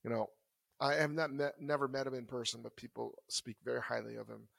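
A man's voice: medium pitch, fairly even intonation, brisk, vocal fry, fairly bright tone, no echo. A man co-hosting a podcast, talking in a loose, rambling, conversational way. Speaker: podcast co-host. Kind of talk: casual chat.

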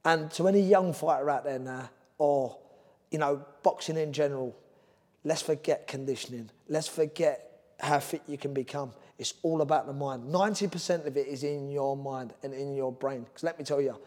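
His voice sits fairly high and a little mellow, at normal speed, with a big-room sound. The middle-aged Irish-born former boxer, speaking with a London Cockney accent, shares his story earnestly in a candid podcast interview, drifting off topic often.

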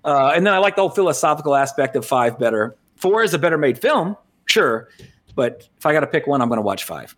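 A man's voice: on the high side, sing-song, fast talker. Rambling man co-hosting a chat. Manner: rambling, many fillers and restarts. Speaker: podcast co-host. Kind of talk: casual chat.

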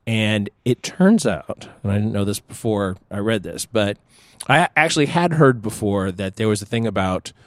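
A middle-aged man co-hosting a podcast in casual chat, telling a story in a meandering way with many pauses and restarts. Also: fairly low pitch, no echo. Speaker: podcast co-host.

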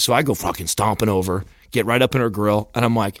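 A man's voice: lowish voice, brisk, few pauses, no echo. A man in casual chat, telling a long profane story and acting out the quotes with lots of energy. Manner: animated, profane, acts out quotes.

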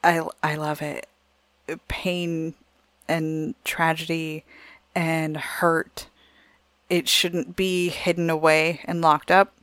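A woman talks earnestly and from the heart as she co-hosts a relaxed podcast chat. Her voice sits on the low side. The sound is dry and close. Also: takes it slowly, no echo. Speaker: podcast co-host. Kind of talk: casual chat.

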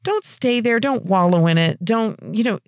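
A woman's voice: moderate pace, dry recording, clean studio sound. A middle-aged woman hosting a faith-based advice podcast, answering a listener's question in an earnest, encouraging way. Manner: warm, encouraging, earnest; lively pitch rises. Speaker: podcast host.

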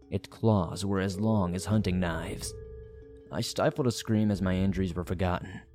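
A man's voice: on the low side, dark tone. A man narrating a first-person horror story in a dramatic, suspenseful way.

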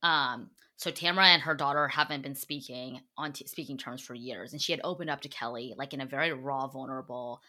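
A woman's voice: very deep voice, fairly quick, hardly any pauses, bright, forceful tone. A woman hosting a podcast, chatting casually and gossiping, full of "like" fillers and swearing. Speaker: podcast host.

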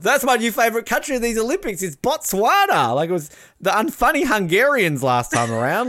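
A man's voice: sits high, sing-song, brisk, a bit bright. A man hosting a podcast, chatting casually in a joking, rambling way. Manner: joking, rambling, lots of fillers. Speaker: podcast host. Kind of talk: casual chat.

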